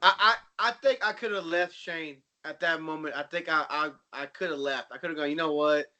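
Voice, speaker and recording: A man's voice: on the high side, brisk, bright, forceful tone. A man co-hosting a casual podcast chat, joking along and laughing. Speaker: podcast co-host.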